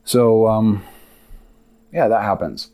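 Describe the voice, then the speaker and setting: A man's voice: on the low side, slow pace, warm tone. Rambling young man telling a story. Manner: rambling, casual, lots of filler and asides. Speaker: podcast host. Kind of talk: personal storytelling monologue.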